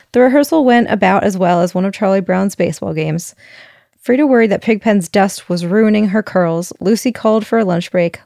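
A woman reading a picture book aloud in a lively way, chuckling now and then. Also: mid-range voice, gravelly, dry recording, clean studio sound. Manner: lively, chuckles as she reads. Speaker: storyteller.

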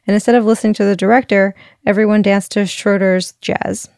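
Gravelly woman reading a storybook. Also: medium pitch, fairly quick, no room sound, studio quality. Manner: lively, chuckles as she reads. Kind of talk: reading a picture book aloud.

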